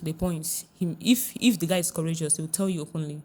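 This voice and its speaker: A relationship coach gives advice during a podcast interview, speaking fast in a deep voice with fairly even intonation. She's earnest and emphatic, repeating her key phrases and quoting other people in a hushed tone.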